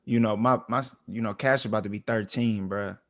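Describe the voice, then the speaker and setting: A man's voice: fairly low pitch, fairly even intonation, normal speed. A man in his thirties, co-hosting a podcast, telling a heartfelt family story in a slangy, emotional way full of fillers. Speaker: podcast co-host. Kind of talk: casual storytelling chat.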